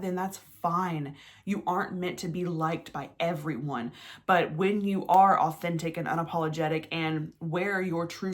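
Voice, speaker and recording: A woman's voice: lowish voice, fairly bright tone. A young adult woman hosting a podcast, talking in a blunt, candid monologue, swearing freely and often restarting her sentences. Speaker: podcast host.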